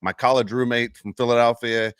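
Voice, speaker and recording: A man hosting a casual sports podcast, talking in an emphatic, animated way. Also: medium pitch, brisk, smooth, no echo, studio quality. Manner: animated, emphatic trash talk. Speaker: podcast host.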